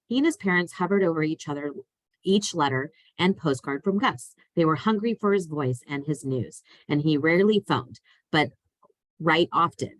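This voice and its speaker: A woman reading a children's novel aloud in a plain, steady way, with small slips. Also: deep voice, no room sound, rough recording. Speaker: reader.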